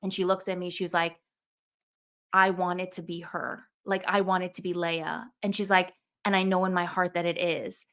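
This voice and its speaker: A young woman telling a personal story in casual conversation, animated and acting out the thoughts she quotes. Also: fairly low pitch, normal speed. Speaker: podcast guest.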